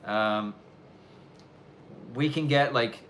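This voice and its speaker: This man draws out his words in a medium-pitched, slightly bright voice, with slight background noise behind him. He's a livestream host running a casual live Q&A in snowy rural Japan, talking loosely, rambling, and using many fillers and restarts.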